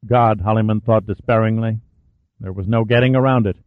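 A man narrating a scripted audiobook in a steady, dramatic way, on a tinny, dry recording. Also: fairly low pitch, fairly quick, no echo. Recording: tinny phone-like sound, dry.

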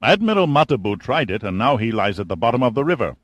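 A man voicing a measured, questioning government minister in an audiobook reading. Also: medium pitch, very animated, dry recording.

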